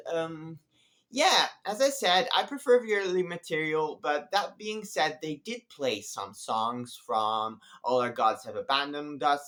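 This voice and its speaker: A man of middle pitch reviews a concert in a relaxed, unhurried vlog. He muses aloud, pausing often and circling back to restart his thoughts. His delivery stays slow and easygoing throughout. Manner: unhurried and musing, many pauses and restarts. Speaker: music vlogger.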